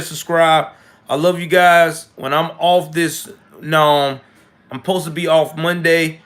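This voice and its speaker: Animated, ranting man in his late thirties. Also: fairly high pitch. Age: late 30s. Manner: animated ranting, rising to indignant outbursts; casual, slangy talk addressed to viewers. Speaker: commentary show host. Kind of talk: live political commentary.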